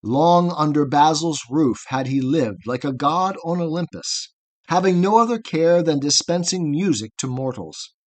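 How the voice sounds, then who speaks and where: A man, a podcast host, reading a long narrative poem aloud in a measured, rhythmic way. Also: a little high, lively intonation. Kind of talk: poetry reading.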